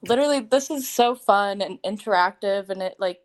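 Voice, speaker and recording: A woman's voice: mid-range voice, moderate pace. A woman guest in a casual group audio chat, talking in a gushing, giggly, effusive way.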